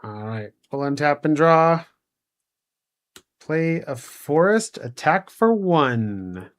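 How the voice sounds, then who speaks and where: A man co-hosting a live card game stream, calmly and matter-of-factly announcing his plays. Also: fairly high pitch, slow. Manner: calm and matter-of-fact, calling game moves. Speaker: card game co-host and player. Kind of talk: casual live-stream play-by-play.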